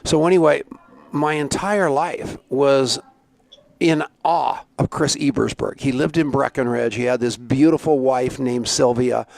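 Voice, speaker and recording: A man's voice: medium pitch, a little slow, creaky, no room sound. A middle-aged man hosting a live online show, chatty and rambling, greeting viewers by name. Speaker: show host.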